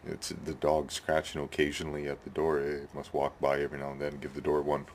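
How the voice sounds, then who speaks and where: A man with a very deep voice chats in a rambling way about his hobby build and the neighbors from his home workshop shed, habitually adding "eh" to his sentences. His delivery is completely flat and fast, with slight hiss or hum in the background.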